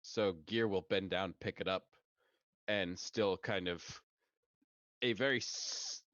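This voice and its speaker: A man's voice: low-pitched, fairly even intonation, slow pace, fairly bright tone, no room sound. A man playing a tabletop game, casually describing what his character does in the third person over a dull home microphone. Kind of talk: casual role-play narration.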